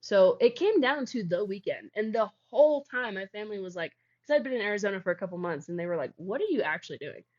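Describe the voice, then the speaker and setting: A young woman shares her story as a guest in a relaxed interview, rambling along and leaning on "like" as she goes. Her voice sits at a medium pitch for a woman. The recording sounds somewhat dull and lo-fi. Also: fast, hardly any pauses. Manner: rambling, heavy use of "like". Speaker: guest, founder of a healing practice. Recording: dull lo-fi audio.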